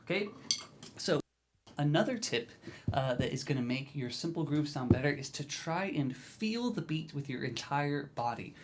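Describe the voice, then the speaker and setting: Relaxed male drum teacher. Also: on the high side, normal speed, a little hiss or hum. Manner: relaxed and encouraging, counting in and scatting drum rhythms. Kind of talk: instructional video talk.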